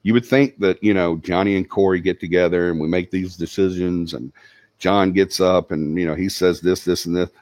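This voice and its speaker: Male channel host, deep voice, emotional halting tribute, dry close sound. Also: fairly even intonation, darkish tone, dry recording. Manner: halting, sincere, many fillers. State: tearing up.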